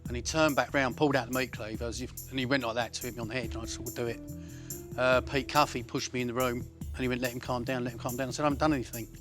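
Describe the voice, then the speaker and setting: A man's voice: medium pitch, steady tone, very fast, over music. A man, recounting a violent episode in blunt, coarse words. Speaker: interviewee.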